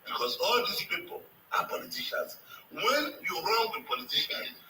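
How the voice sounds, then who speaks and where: Man, high animated voice, measured opinion, roomy distant recording. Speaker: commentator in a played clip. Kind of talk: casual opinion. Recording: echoey, distant clip with faint noise.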